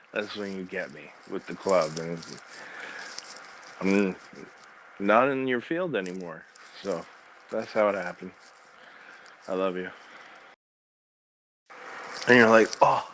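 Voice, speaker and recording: A man delivering a rambling spoken-word monologue from his bed into a microphone, swinging between loud outbursts and quiet mutters. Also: fairly low pitch, a little hiss or hum. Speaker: recording artist. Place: bedroom.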